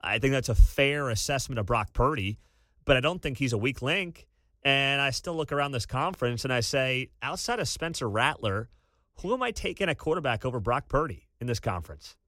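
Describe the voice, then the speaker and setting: A man hosting a college sports talk radio show, ranting with incredulous energy and bursts of shouting. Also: mid-range voice, a little fast, no room sound, clean studio sound. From Kansas City area. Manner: animated, incredulous rants with sudden shouting.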